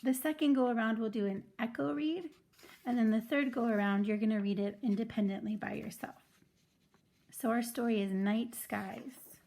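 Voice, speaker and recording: A woman teaching first grade in an online video lesson, clear and patient as she explains step by step. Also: on the high side, normal speed, mellow.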